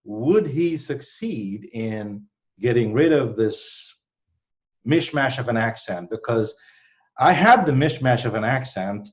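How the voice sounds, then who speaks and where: A man hosts a casual online talk, speaking at a middle pitch as he explains things through a personal story. The sound is dull and lo-fi, like a streamed video call. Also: expressive, unhurried. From Bangladesh. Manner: storytelling, explanatory, with occasional laughs. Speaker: host.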